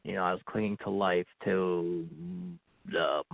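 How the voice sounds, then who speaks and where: In a low-pitched voice with vocal fry and a steady tone, a man on a podcast tells his personal story a little slowly and earnestly, voicing the inner dialogue he had in the moment. It comes through a tinny, phone-like line, dry and free of room sound.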